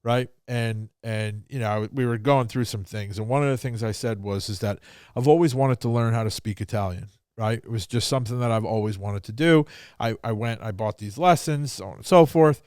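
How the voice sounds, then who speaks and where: A man's voice: lowish voice, brisk, darkish tone, clean tone, no echo, studio quality. A man hosting a podcast who tells stories casually and bluntly, swearing freely and acting out both sides of a conversation. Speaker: podcast host.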